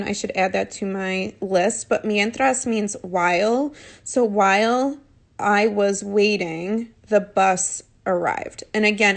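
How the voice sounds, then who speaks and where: Woman teacher on a phone live stream, patient and encouraging, bit of vocal fry. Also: medium pitch. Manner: patient, encouraging, corrects answers gently. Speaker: Spanish teacher. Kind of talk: live online lesson.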